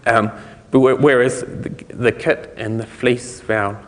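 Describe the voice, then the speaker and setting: Speaking at a conference about speech recognition, this New Zealand-accented man keeps things loose, often revising his own phrasing and letting out the occasional chuckle. His pitch sits in the middle, his tone is steady and a bit bright, and he takes his time. Long reverb from the hall trails his words.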